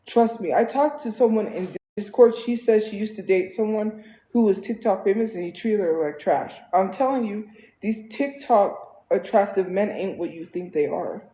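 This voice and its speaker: A woman's voice: mid-range voice, normal speed, warm tone, echoey room, rough recording. A woman livestreaming, venting in a casual, exasperated way with lots of fillers.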